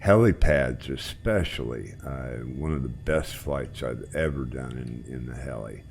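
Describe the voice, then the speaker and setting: A man hosting a flight sim group, chatting in a relaxed, rambling way while he flies. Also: very deep voice, moderate pace, gravelly, hardly any pauses, slight background noise. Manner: relaxed, rambling, trailing off quietly. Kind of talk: casual chat while flying.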